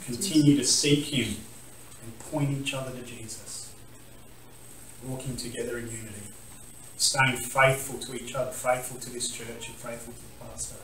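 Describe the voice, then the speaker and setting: A man's voice: medium pitch, steady tone, normal speed, a bit bright, a little hiss or hum. Man, guest preacher, emotional testimony, distant mic in reverberant church hall. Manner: emotional, laughing at himself, acts out quoted voices. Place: church sanctuary. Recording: echoey church hall from far off.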